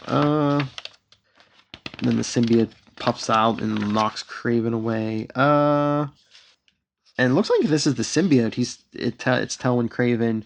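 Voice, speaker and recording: A man hosting a podcast, animatedly recapping a comic book and reading out the characters' lines with lively emphasis. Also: medium pitch, measured pace, vocal fry.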